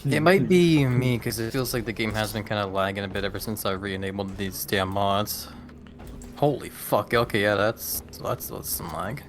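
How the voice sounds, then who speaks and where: Laid-back male co-player, low voice, casual swearing. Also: steady tone, normal speed, fairly bright tone, a little hiss or hum. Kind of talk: casual gaming chat.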